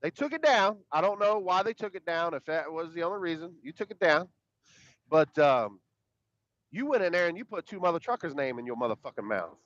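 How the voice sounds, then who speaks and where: In a dull, dry lo-fi recording with no echo, a podcast co-host chats casually and ramblingly, emphatic and profane, often repeating himself. His fairly high, slightly bright voice has lively intonation and a brisk pace.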